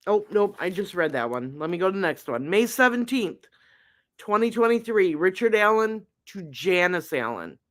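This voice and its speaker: A man hosting a true crime show, reading his trial notes aloud in a slow, deliberate, halting way. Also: sits high, big pitch swings, a bit bright.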